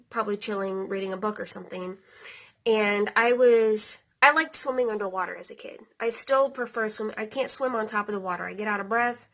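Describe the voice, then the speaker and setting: A woman's voice: medium pitch, bright, forceful tone. Casual woman telling a personal story. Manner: casual, lots of fillers like "like" and "um", occasional swearing; emotional, near tears. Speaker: vlogger.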